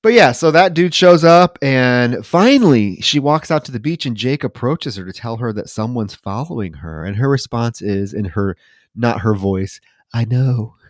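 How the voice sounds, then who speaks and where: A man's voice: mid-range voice, lively intonation, moderate pace, dry recording, clean studio sound. A man co-hosting a podcast, recapping a film plot with wry mock outrage in casual chat. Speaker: podcast co-host.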